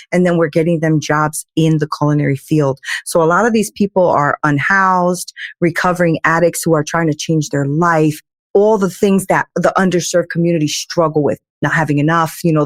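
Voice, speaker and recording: A woman's voice: low-pitched, dry recording, clean studio sound. A woman guest on a podcast, a life coach, telling stories with emphatic, faith-filled energy. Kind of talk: casual podcast interview.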